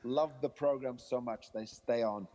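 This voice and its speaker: A man's voice: mid-range voice, a little slow, long reverb tail, a crowd in the background. A man who works as a dog trainer, telling stories in a podcast interview and acting out the voices of people and dogs. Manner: animated storyteller acting out quoted voices.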